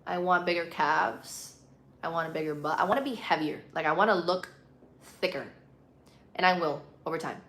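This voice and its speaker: A woman's voice: fairly low pitch, fairly bright tone, echoey room. Bilingual woman streamer reading chat. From Puerto Rican and Colombian, living in the US. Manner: puts emphasis on words, bilingual speaker. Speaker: live streamer. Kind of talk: casual live-stream chat reading comments.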